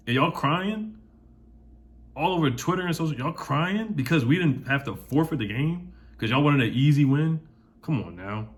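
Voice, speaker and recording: A young man hosting a casual sports vlog, fired up and mocking rival fans, often repeating himself. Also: medium pitch. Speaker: sports channel host.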